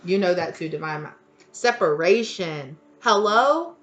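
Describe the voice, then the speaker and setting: A woman's voice: lowish voice, fairly even intonation, moderate pace, highs cut off, a little hiss or hum. A woman giving a casual tarot reading, blunt and emphatic, swearing freely and repeating her points. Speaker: tarot reader.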